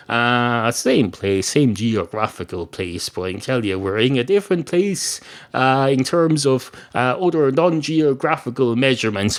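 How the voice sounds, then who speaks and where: An Irish man hosting a podcast, delivering a meandering comic monologue with deadpan, sardonic asides. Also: medium pitch. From Ireland. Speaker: podcast host.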